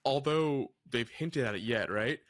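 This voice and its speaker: A man in casual podcast chat, thinking out loud and restarting sentences as he analyzes. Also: mid-range voice, lively intonation, measured pace. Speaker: podcast co-host.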